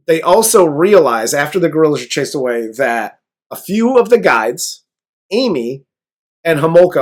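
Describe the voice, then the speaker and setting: A man co-hosting a casual movie review, recapping the plot with crude jokes in a laid-back way. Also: on the high side. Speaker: co-host of a movie review show.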